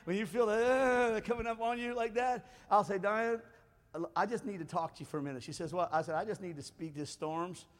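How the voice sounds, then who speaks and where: A man preaching a sermon in a fairly high voice, rising to loud, fervent exhortation and then dropping to a hushed, close tone. His words ring out in a big hall with a long reverb tail. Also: steady tone, fast talker, few pauses. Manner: swings from loud exhortation to hushed, intimate talk. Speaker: pastor.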